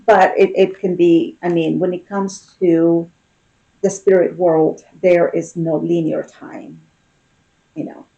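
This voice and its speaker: A woman with a warm, mellow voice gives a casual tarot reading. She talks loosely and keeps checking in with her listener. The audio is slightly dull and lo-fi. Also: lowish voice, little pitch movement, slow. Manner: conversational, often checks in with "okay?" and "you know?". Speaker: tarot reader.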